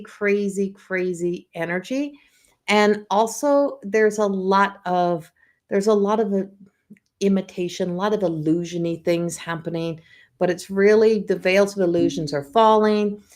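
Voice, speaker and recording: A woman's voice: mid-range voice, a little mellow. Chatty Newfoundland woman, rambling. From Newfoundland, Canada. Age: middle-aged. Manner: chatty, meandering, many restarts and laughs. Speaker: psychic medium hosting a livestream. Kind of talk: casual rambling livestream talk.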